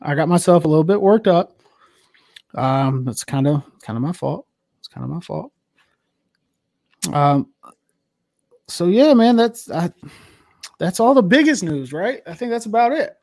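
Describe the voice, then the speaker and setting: A fired-up man talking football on a podcast, cursing and venting as his voice climbs a little higher than most. The sound is close and dry, with no room around it. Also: animated, unhurried, pauses often, a little mellow, dry recording. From Cincinnati area. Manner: profane, worked-up ranting. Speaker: podcast co-host. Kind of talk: casual sports chat.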